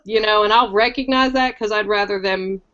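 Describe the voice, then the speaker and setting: A woman chats frankly about her own life, cracking dry jokes along the way. She turns lively and loud whenever she quotes someone, and her voice sits in a middle register. The audio is dull and lo-fi, like a web chat. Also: medium pitch, normal speed. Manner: frank, joking, animated when quoting. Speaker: guest sharing her cancer story. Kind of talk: casual chat.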